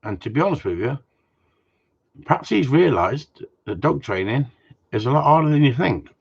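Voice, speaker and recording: Husky, blunt Englishman with a lively voice. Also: medium pitch, normal speed, muffled recording. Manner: blunt, jokey, swears freely. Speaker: dog trainer hosting a live Q&A. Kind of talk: casual chat answering viewer comments.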